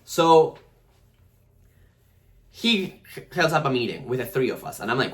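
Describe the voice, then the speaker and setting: A man's voice: mid-range voice, sing-song, measured pace. A man in his twenties telling a casual storytime, rambling, swearing and full of slang and fillers. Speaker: vlogger.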